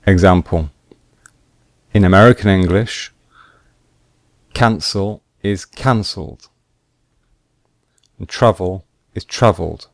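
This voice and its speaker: A man teaching English grammar rules slowly and deliberately, repeating each point with examples. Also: deep voice, dry recording, studio quality. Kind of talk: slow explanatory grammar lesson.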